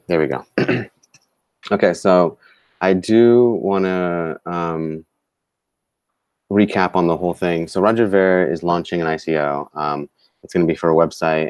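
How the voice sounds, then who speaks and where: A man co-hosting a live-streamed talk show, speaking in a halting way with many fillers and restarts. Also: low-pitched, dry recording. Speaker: co-host. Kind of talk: live-streamed casual discussion.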